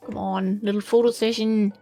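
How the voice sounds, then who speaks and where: A woman's voice: medium pitch, level tone, normal speed, warm tone, faint music behind. A young woman hosting a game let's play, chatting and rambling through stories while she plays. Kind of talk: casual gaming commentary.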